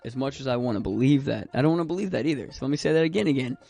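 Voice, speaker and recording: A man's voice: mid-range voice, lively intonation, rapid-fire, creaky, warm tone. A young man streaming a video game, chatting casually and rambling, swearing freely. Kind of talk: casual gaming stream chat.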